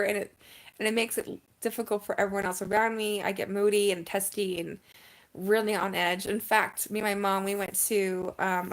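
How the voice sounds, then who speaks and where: A woman vlogging in a casual live-stream chat, talking in an emphatic, rambling way with lots of "like" and "um". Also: medium pitch. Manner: chatty and emphatic, heavy use of "like" and "um".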